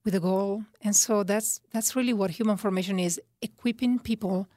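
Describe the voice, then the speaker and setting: A woman with an Italian accent, a religious sister speaking as a guest on a radio talk show about faith, reflective and measured. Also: medium pitch, mellow, no room sound, clean studio sound.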